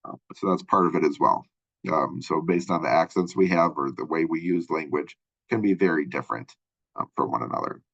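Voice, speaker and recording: A middle-aged man lectures to his class in a loose, conversational way, filling pauses with "um" and checking in with "right?". His voice sits very low with a husky edge. The recording is dry and dull, like a lo-fi close mic. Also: fairly bright tone, no echo. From Minnesota. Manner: casual, rambling, many fillers and tag questions. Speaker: college instructor.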